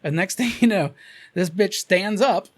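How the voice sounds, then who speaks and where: A man with a Cincinnati accent, co-hosting a podcast and telling a story in a loose, profane, animated way. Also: high voice, a little slow. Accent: Cincinnati, Ohio. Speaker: podcast co-host. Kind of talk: casual storytelling chat.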